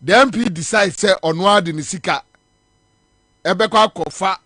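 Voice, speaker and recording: A man's voice: high-pitched, moderate pace, sharp tone, dry recording. A man with a Ghanaian accent, hosting a talk show and commenting on viral videos, switching between Twi and English.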